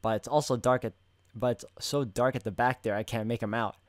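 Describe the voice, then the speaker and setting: A man voicing a cautious young male lawyer who speaks in a low, hesitant, measured way. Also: steady tone, heavy background noise, close to an everyday voice. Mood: uneasy. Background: game music.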